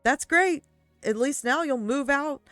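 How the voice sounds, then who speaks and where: A woman's voice: sits high, a little slow, pushed and bright, no room sound, soft background music, pitched above the performer's own voice. A woman voicing a stern, cold middle-aged aunt who speaks in cutting words. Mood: bitter.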